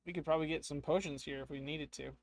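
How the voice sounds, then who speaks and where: Man doing a practical elf sidekick in a tabletop game, plain delivery, slightly high. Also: steady tone, fast, gravelly. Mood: helpful. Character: helpful elf companion.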